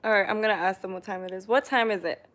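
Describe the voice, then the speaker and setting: A woman casually chatting on a live stream, reading viewer comments aloud and often clearing her throat. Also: mid-range voice, fast, a bit bright. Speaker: vlogger hosting a live stream.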